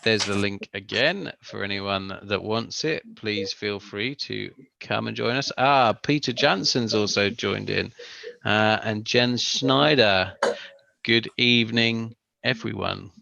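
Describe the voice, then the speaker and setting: A man's voice: on the low side, slow, vocal fry, bright, forceful tone, dry recording, muffled recording. A man hosting a live build-along stream, chatty and greeting viewers as they join. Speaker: stream host and co-presenter. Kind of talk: casual live-stream chat.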